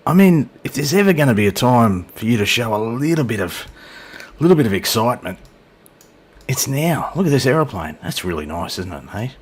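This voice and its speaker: A man's voice: medium pitch, very animated, a little fast, husky. A middle-aged man hosting a flight sim video, chatty and self-deprecating, joking with a silent co-pilot as he flies. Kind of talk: casual gameplay commentary.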